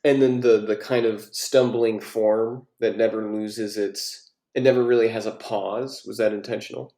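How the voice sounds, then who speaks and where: Gravelly man asking questions in an echoey room. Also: lowish voice, fairly even intonation, moderate pace. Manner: inquisitive, reads verse softly. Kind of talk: casual critique and reading aloud.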